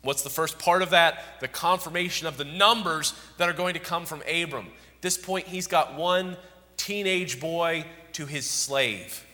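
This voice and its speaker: A man's voice: fairly high pitch, unhurried, pushed and bright, long reverb tail. A man preaching an expository sermon, emphatic and repeating key words for stress.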